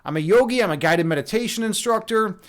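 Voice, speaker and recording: A man's voice: sits high, expressive, quick pace. A young man hosting a casual livestream, chatting with viewers in a rambling, joking, absurdist way full of fillers and restarts. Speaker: livestream host and meditation instructor.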